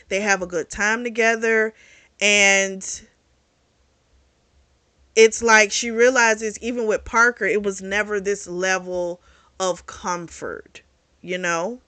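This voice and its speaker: A woman talks through a book's plot in a loose, animated way, peppering it with fillers and the occasional curse. Her voice is bright and forceful. The sound is close and dry, with no room around it. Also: medium pitch, smooth, no room sound. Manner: animated retelling full of fillers and swearing. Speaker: book reviewer. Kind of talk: casual spoken book recap.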